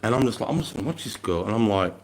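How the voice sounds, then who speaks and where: An Australian man who used to be an army corporal tells a story very fast, with a fairly low pitch and lively intonation. He's blunt, emphatic and heavily profane.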